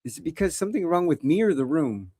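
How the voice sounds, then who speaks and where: A bawdy, teasing woman hosts a live call-in stream, laughing often as she jokes around. Her pitch swings up and down all the time. The sound is dry and close, with no room echo. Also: sing-song, quick pace, mellow, husky. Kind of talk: joking live-stream chat.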